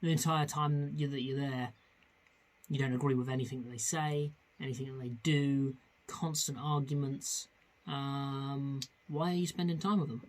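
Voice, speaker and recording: A man's voice: medium pitch, fairly even intonation, normal speed. A man hosting a comedic vlog, talking in a rambling, crude way with frequent restarts. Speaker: vlog host. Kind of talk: casual comedic vlog chat.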